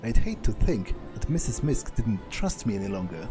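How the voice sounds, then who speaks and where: A man's voice: lowish voice, very animated, moderate pace, over music. A man reading a stiff, suspicious old servant. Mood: guarded. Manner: formal, suspicious. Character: stiff defensive loyal male house servant.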